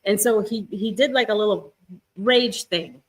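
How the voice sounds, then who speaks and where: A middle-aged woman talks straight to her live-stream viewers in an encouraging, coaching way. Her voice sits at a middle pitch, and she restarts her sentences often as she goes. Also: measured pace, rough recording. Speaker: twin flame guidance coach.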